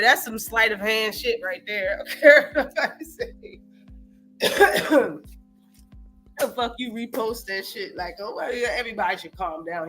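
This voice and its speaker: High-voiced animated man on a live stream. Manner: animated, profane, reacts to live chat. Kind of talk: casual live-stream boxing talk.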